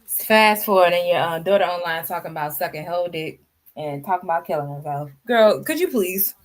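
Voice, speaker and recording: A woman hosting a reaction channel, breaking in with sarcastic, quick asides. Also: lowish voice, lively intonation. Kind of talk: sassy commentary.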